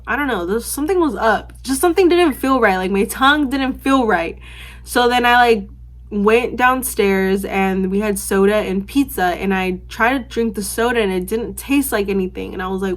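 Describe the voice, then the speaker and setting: A young adult woman telling a story to her vlog camera in a casual, rambling way, full of "like" and restarts, swearing offhandedly. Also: mid-range voice. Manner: rambling, filler-heavy, lots of "like" and restarts. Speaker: vlogger.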